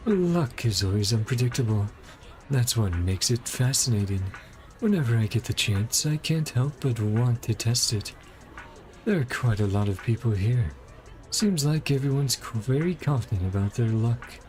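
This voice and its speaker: A man's voice: mid-range voice, animated, moderate pace, darkish tone, faint music behind, natural voice. A man reading a suave, musing collector.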